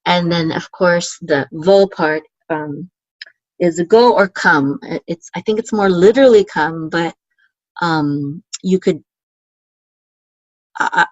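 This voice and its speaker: A woman with a fairly low pitch teaches Hebrew grammar in patient, explanatory steps, checking in with "okay?" and pausing on fillers, captured in a dry recording with dull audio.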